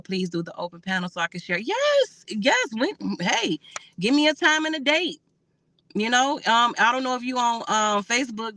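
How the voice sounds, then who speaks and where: A woman, hosting a casual livestream and answering viewer comments in a soft, conversational way. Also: mid-range voice, no room sound. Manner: reads out comments and answers them warmly, with fillers. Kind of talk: casual emotional livestream chat.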